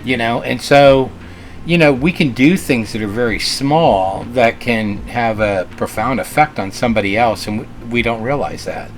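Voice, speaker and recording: A man's voice: medium pitch, normal speed, slight background noise. Earnest storytelling man. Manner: earnest storyteller, many fillers and restarts. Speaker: restaurant co-owner. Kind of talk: casual interview chat.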